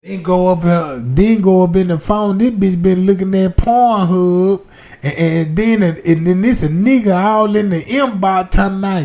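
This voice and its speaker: A man with a high voice tells a profane comic story to his livestream audience. He swings from loud, exclaiming bursts down to half-mumbled asides. His delivery is loose, crude and animated. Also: moderate pace. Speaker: livestream host. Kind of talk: profane comedic storytelling rant.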